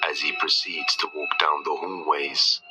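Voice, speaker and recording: A man narrating a spooky video compilation in a scripted, measured, ominous way. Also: rumbling low, wildly swooping pitch, rough recording. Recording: loud background music under the voice.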